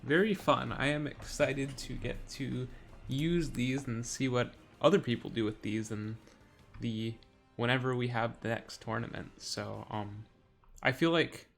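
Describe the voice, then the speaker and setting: A man co-hosting a casual livestream, making relaxed, offhand comments. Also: medium pitch, unhurried, vocal fry, faint music behind. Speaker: stream co-host.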